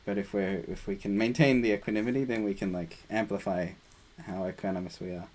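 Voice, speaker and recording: Easygoing man guiding group meditation over a call, lower voice, casual and playful. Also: fairly quick, a little hiss or hum. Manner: relaxed, casual, chatty with playful asides. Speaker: meditation teacher leading a group. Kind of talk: guided meditation discussion.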